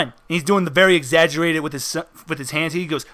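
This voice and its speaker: A man narrating a tabletop game as game master, animated and jokey, laughing often. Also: a little high, quick pace, hardly any pauses.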